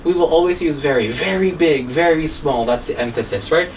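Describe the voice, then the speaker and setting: A woman's voice: sits low, brisk, a little mellow. A woman teaching an English grammar lesson, explaining step by step and checking in with "okay?" and "right?" after nearly every phrase. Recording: distant mic with faint room noise.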